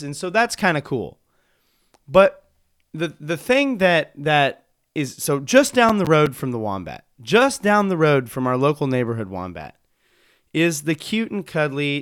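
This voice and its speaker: A man's voice: mid-range voice, very animated, measured pace, fairly bright tone, clean tone, no room sound, clean studio sound. A man hosting a podcast, telling a rambling, self-deprecating comic story with many restarts. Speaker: podcast host. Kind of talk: casual comedic monologue.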